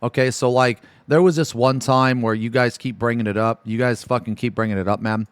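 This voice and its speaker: A man's voice: mid-range voice, steady tone, a little fast, smooth, no echo. A man, a streamer ranting on a livestream in a profane, exasperated and sarcastic way. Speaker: Twitch streamer.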